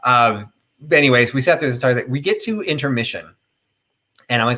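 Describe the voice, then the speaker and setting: A man's voice: medium pitch, lively intonation, brisk, pushed and bright. A middle-aged man hosting a casual live chat, telling a rambling, opinionated story full of fillers and tangents. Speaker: host of a live chat stream.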